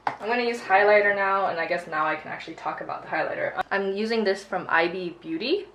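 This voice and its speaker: A woman's voice: medium pitch, animated, a little fast, fairly bright tone, reverberant. A young woman chatting casually while doing her makeup, telling a story with plenty of swearing. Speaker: beauty vlogger. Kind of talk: casual get-ready-with-me chat.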